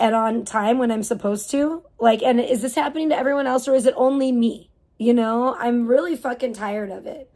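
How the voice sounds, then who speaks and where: A woman's voice: fairly high pitch, a little mellow. A young adult woman livestreaming, venting in a rambling, frustrated way, swearing often and filling her talk with fillers. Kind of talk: casual live-stream venting.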